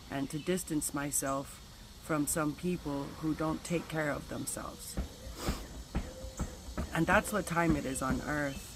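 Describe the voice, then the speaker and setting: A woman's voice: low-pitched, fairly even intonation, normal speed, a little hiss or hum, poor audio. A middle-aged woman vlogging, telling a personal story candidly, with casual swearing and spiritual talk. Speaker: wellness vlogger.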